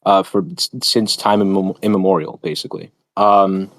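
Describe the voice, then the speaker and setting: A man's voice: sits low, flat delivery, normal speed, fairly bright tone, no echo. A man hosting a stream, chatting casually about philosophy and academia in a rambling, digressive, lecturing way with many fillers. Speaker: streamer host.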